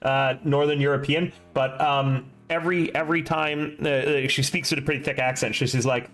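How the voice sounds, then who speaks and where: A man's voice: on the high side, steady tone, normal speed, a bit bright, faint music behind. A young man streaming, chatting casually and rambling with self-deprecating asides before running a tabletop game.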